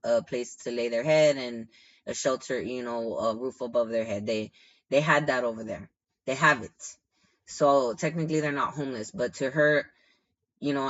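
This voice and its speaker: A young man talks straight to the camera in a loose, frustrated ramble, circling back on himself and leaning on filler words. His voice sits at an ordinary middle pitch. The sound is a little dull and lo-fi. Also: a bit bright. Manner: frustrated, rambling, many restarts and "you know". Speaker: shelter caseworker. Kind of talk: casual storytime vlog.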